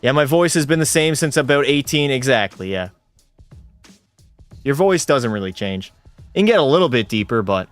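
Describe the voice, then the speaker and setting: With a medium pitch and moderate pace, a man pauses often as he streams a hockey game, narrating plays like a commentator and joking and swearing with his chat. There's no echo and faint music behind him.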